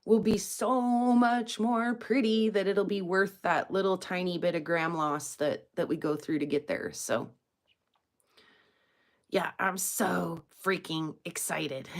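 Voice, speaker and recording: A rock hounding channel host speaks in a medium-pitched, slightly mellow voice, taking it slowly and pausing often. Her casual talk is giggly and gushing, peppered with laughter and fillers.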